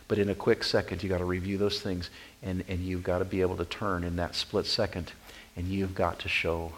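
A male pastor preaching a sermon, repeating key phrases and swinging from loud emphatic lines to quiet, conversational asides. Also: low-pitched, steady tone, normal speed, slight background noise, poor audio.

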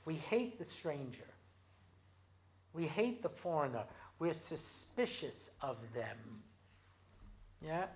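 A man's voice: a little high, big pitch swings, takes it slowly, pauses often, a little mellow. Chatty American man telling funny stories. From United States. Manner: chatty storytelling, many asides and fillers, jokes, switches into Hebrew. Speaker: rabbi giving a talk. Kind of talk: humorous lecture with acted-out anecdotes. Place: talk given to an audience.

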